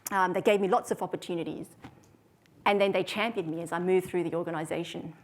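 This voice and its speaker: A woman, giving a prepared talk to an audience in a measured storytelling way. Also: on the low side, fairly even intonation. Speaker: speaker.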